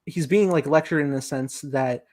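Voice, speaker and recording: A man's voice: fairly high pitch, moderate pace, a little mellow. A young man co-hosting a casual film review podcast, animatedly retelling scenes and acting out quoted lines. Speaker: podcast co-host.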